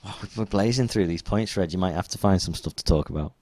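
A man's voice: sits low, quick pace, a little mellow, no echo. A man hosting a casual podcast, laid-back and hesitant with many ums. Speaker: podcast host. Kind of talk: casual chat.

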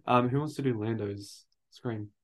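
A man's voice: medium pitch, normal speed. A man co-hosting a podcast in a studio, chatting casually, reading out film quotes and laughing easily. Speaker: podcast co-host. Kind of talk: casual chat. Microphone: studio microphone.

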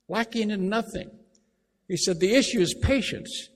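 A man preaching a sermon, emphatic, repeating key phrases and slowing down to read scripture aloud. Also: high voice. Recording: long reverb of a large hall.

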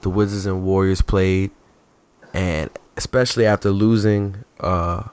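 A man chatting casually about sports as a podcast co-host, telling stories in an animated, slangy way. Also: low voice, a little slow, clean tone, dry recording.

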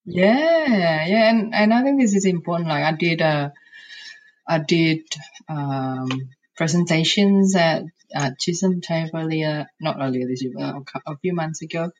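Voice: mid-range voice, a little slow, dull audio, slight background noise. An earnest, reflective speaker in a casual podcast conversation, often restarting sentences.

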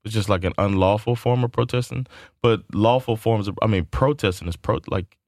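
A man's voice: fairly low pitch, a little fast, dry recording, studio quality. A man co-hosting a podcast in casual chat, loose and rambling, laughing and swearing freely. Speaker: podcast co-host.

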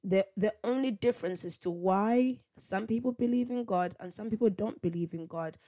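A woman's voice: mid-range voice, moderate pace, warm tone. A woman hosting a solo faith podcast, talking in a reflective, conversational way with many rhetorical questions. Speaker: podcast host.

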